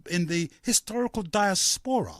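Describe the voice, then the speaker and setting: A man from hosting a call-in radio talk show, rambling and halting with many fillers. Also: sits high, animated, fairly bright tone, no room sound, clean studio sound.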